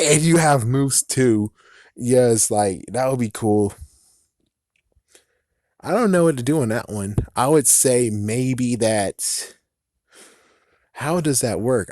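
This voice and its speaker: Man, low voice, dry close sound, rambling casual talk, restarts often. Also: darkish tone, dry recording. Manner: rambling, thinks aloud, many restarts; casual, says "freaking" often. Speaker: fan channel host. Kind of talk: casual solo commentary.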